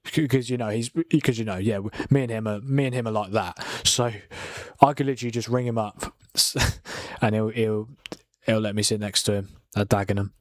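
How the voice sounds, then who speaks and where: A man's voice: fairly low pitch, steady tone, a little fast, dry recording. Chatty young man streaming football. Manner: chatty, swears, laughs, reads out viewer chat. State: tired from a long night of watching. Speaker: watchalong streamer. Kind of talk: casual live-stream football chat.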